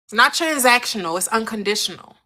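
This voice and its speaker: A woman delivers a spiritual teaching with a bright, clear voice pitched a little high. She talks in a preacherly rhythm, repeating key phrases and asking rhetorical questions. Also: animated, a little fast. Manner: emphatic, repetitive, preacherly cadence with rhetorical questions.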